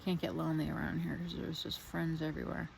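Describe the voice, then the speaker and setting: A woman's voice: deep voice, little pitch movement, fast talker, gravelly, a little hiss or hum. A woman musing reflectively on spiritual ideas, speaking outdoors in a meandering, searching way and repeating phrases. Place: outdoors in the wind.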